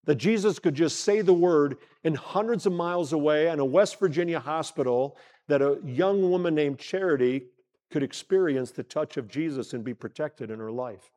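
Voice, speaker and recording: A middle-aged man preaching a sermon in a slightly higher-than-average voice. He leans on rhetorical questions and dramatic pauses, and he acts out the dialogue in the stories he tells. His voice rings with the long reverb of a large hall. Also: warm tone. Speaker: pastor.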